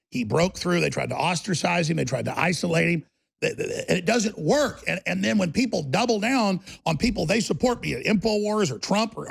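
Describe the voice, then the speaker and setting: A man's voice: a little high, vocal fry, fairly bright tone, slightly rough. A man hosting a talk show, delivering a heated, combative monologue in a mocking tone.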